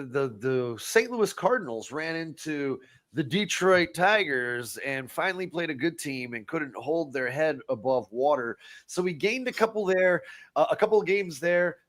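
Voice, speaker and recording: Excitable male sports podcast host. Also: high voice. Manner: excitable, repeats words when worked up. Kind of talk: casual sports talk.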